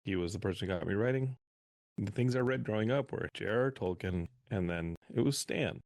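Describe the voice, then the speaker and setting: A man on a podcast as a guest, telling animated stories in a casual interview. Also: fairly low pitch, fairly quick, no echo. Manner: animated anecdotal storyteller.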